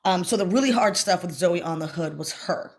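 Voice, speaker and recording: A middle-aged actress telling stories in an interview, laughing often and acting out quotes loudly. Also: female voice, on the low side, fairly quick. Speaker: actress guest. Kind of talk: animated interview storytelling.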